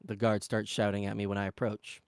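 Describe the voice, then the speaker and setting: A man voicing a grave, stoic male demon warrior who talks in a low, measured way. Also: flat delivery, creaky, clean tone, dry recording, studio quality.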